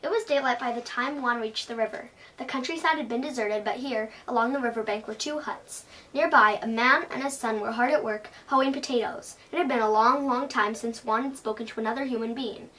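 A woman reading a children's story aloud, expressive and unhurried. Her voice sits a little high. It is heard from some way off the mic. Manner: expressive read-aloud delivery. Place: bookstore reading. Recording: voice from a distance.

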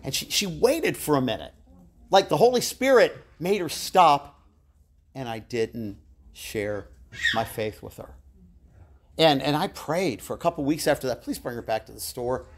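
A man's voice: fairly high pitch, sing-song, a little slow, long pauses. A middle-aged man teaching a live church Bible class, telling personal stories in a chatty, self-deprecating way with asides to his listeners.

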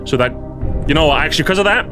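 A man giving excited reaction commentary, making predictions and pleading with the screen. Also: fairly high pitch, racing. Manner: animated, predicting and pleading, bursts of laughter. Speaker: reaction streamer. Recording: music playing under the voice.

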